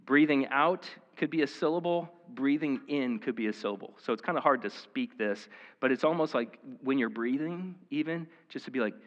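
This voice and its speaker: A man's voice: mid-range voice, expressive, moderate pace. A man preaching a conversational sermon as pastor, casual and earnest, with lots of "like" and "uh". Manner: casual, filler-heavy, earnest. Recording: reverberant hall, dull sound.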